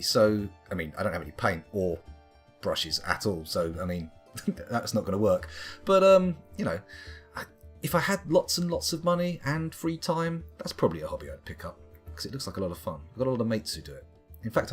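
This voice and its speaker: A man's voice: on the low side, breathy edge. A man streaming a game live, chatting casually and answering his chat as he plays.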